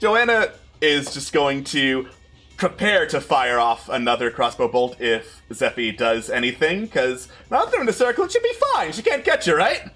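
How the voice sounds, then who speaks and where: A man runs a tabletop game as game master, narrating with a playful, lively touch. His voice is bright and forceful. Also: fairly high pitch, normal speed, soft background music.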